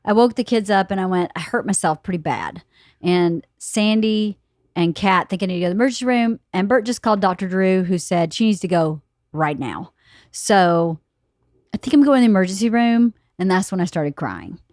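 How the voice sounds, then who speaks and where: A woman's voice: medium pitch, moderate pace, no room sound, clean studio sound. A woman in her fifties hosting a podcast, chatting casually and acting out quotes as she tells a story. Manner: animated storyteller who laughs often and acts out quotes. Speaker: podcast host. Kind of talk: casual chat. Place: home studio room.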